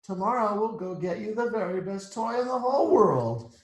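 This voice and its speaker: A man's voice: high voice, expressive, normal speed, reverberant, pitched above the performer's own voice. A man voicing a cheerful father who reassures his daughter. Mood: reassuring.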